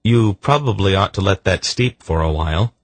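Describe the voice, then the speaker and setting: A patient young man holds his ground in a mild, even tone. A man reads him in a low, husky voice. The audiobook recording sounds dry and close. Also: normal speed, no echo. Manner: mild and bland. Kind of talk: audiobook character voice.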